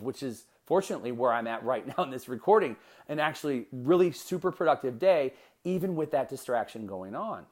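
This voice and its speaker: A male podcast host talking on his own in an energetic, conversational way. His pitch swings widely as he tells his story, and he restarts sentences and tosses in quick asides. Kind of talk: solo motivational podcast talk.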